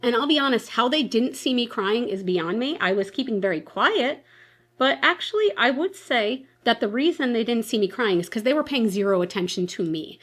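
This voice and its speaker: This twenty-something beauty vlogger has a fairly high, expressive, fairly bright voice and talks at a normal speed. While applying makeup she tells a story in a casual chat, with plenty of "like" and frequent laughter.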